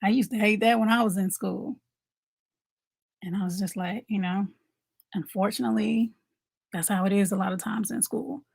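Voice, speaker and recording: A woman's voice: medium pitch, fairly even intonation, normal speed, gravelly, pauses often, darkish tone, slightly rough, no room sound. Dry-sounding woman coaching fellow moms. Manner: conversational, repeats key points, asks viewers questions. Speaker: mom coach. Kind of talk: motivational talk to camera.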